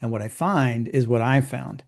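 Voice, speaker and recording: A middle-aged man coaching in casual conversation, chatty and explaining with homely examples. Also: medium pitch. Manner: chatty, acts out clients in quick put-on voices.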